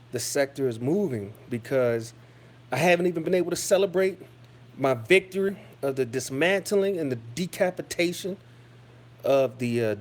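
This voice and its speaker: A man with a somewhat high-pitched voice rants casually into the camera as a YouTube commentator. He is crude and insulting and pads his talk with fillers and restarts. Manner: profane, insulting, filler-heavy.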